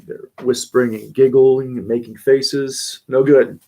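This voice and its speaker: A man reads a children's picture book aloud on a livestream for students. His voice sits at an ordinary middle pitch. He keeps stopping to chat and comment on the pictures. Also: fairly even intonation, a little slow, warm tone, low-quality recording. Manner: chatty, with frequent asides and comments on the pictures. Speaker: school staff reading to students. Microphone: phone or camera for a livestream.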